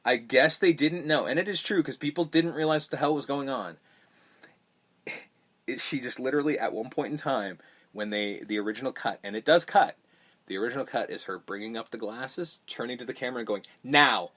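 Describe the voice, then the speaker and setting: A man's voice: mid-range voice, fairly quick. Profane rambling man reviewing a movie. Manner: profane, rambling, animated when mocking scenes. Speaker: podcast host. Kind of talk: casual movie review chat.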